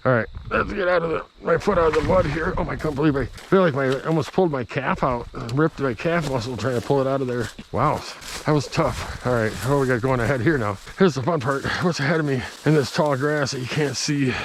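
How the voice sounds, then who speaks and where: A man vlogging outdoors by a creek, chatting in a casual, excitable, rambling way. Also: medium pitch, brisk, a little hiss or hum. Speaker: fishing vlogger. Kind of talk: casual outdoor vlog chat.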